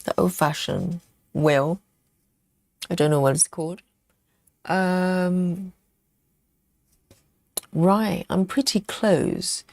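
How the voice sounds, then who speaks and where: A woman's voice: fairly low pitch, steady tone, extremely slow, pauses often, a little mellow, no room sound. A woman hosting a live cross-stitch stream, chatting casually, laughing often and thinking aloud as she stitches. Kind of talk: live stitch-along chat.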